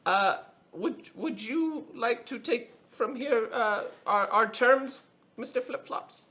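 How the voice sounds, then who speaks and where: A man's voice: very high voice, takes it slowly, sharp tone, voice pushed up, full character voice. A man doing a nervous fussy clerk. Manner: hesitant, stammering roll call.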